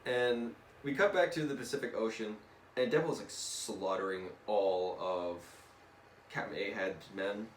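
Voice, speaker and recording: A young man casually retelling a comic story to a friend in an animated way, slipping into voices and swearing now and then. He is recorded from a distance in an echoey room. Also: fairly low pitch, a little slow. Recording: echoey room, distant mic, faint noise.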